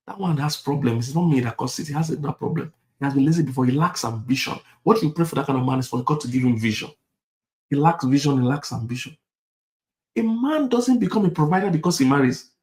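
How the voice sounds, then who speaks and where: A man preaching a sermon, repeating his points, laughing, and swinging from loud to hushed. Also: a little high, animated, quick pace. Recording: echoey hall.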